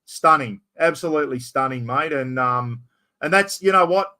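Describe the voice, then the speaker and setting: A man's voice: medium pitch, moderate pace, sharp tone. A middle-aged Australian man in casual chat, rambling and saying "mate" constantly.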